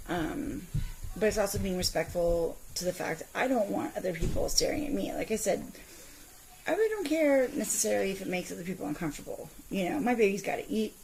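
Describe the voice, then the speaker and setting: A woman in her forties ranting in a vlog from her parked car, telling her story with indignant, animated outbursts. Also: medium pitch, a little fast, creaky, slight background noise, poor audio. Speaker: vlogger.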